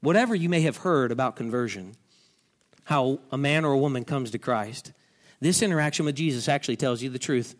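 A man's voice: mid-range voice, brisk. A male pastor preaching a sermon, telling a story earnestly and putting direct questions to his listeners.

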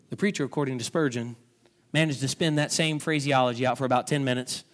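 A man's voice: medium pitch, quick pace. A male pastor preaching a sermon, telling a story earnestly and putting direct questions to his listeners.

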